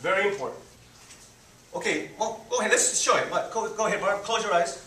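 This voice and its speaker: A man teaching a group how to guide visually impaired students, repeating "boom" to mark each point as he demonstrates. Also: animated, fairly quick, pushed and bright, a little hiss or hum. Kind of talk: live demonstration talk. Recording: echoey room, speaker far from mic.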